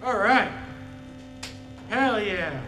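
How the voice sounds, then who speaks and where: A man's voice: high-pitched, animated, drawn-out words. A man doing casual, profane, rambling stand-up banter on a live stage. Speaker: stand-up comedian and musician. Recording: live hall echo, music behind.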